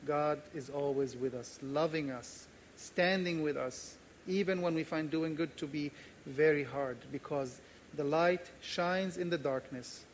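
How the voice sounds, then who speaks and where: A man's voice: a little high, measured pace, slight background noise. A man pastor preaching a sermon, earnest and emphatic, repeating key phrases and telling personal stories.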